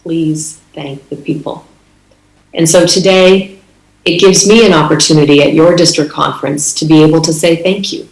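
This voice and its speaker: A woman's voice: sits low, fairly even intonation, fairly quick, vocal fry, echoey room, rough recording. A middle-aged woman from Canada telling a story in an earnest conference speech, with fillers and restarts. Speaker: conference speaker.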